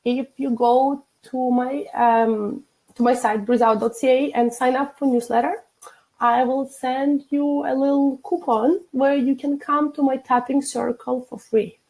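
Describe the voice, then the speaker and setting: Gravelly-voiced woman explaining tapping points. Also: sits high, fairly even intonation, unhurried, a little mellow, low-quality recording. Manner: instructive, walks through tapping points step by step. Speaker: EFT tapping practitioner. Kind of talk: guest demonstrating a technique.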